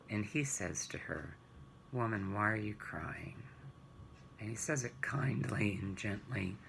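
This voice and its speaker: Male children's Bible teacher, gentle storyteller, gravelly and slow-paced. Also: low-pitched, slight background noise, rough recording.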